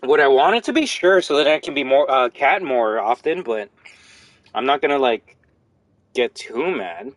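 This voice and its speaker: A young man streaming a horror game, rambling casually to chat with animated, profane commentary. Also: medium pitch, moderate pace, dry recording. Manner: rambling, animated, swears freely. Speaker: gaming streamer.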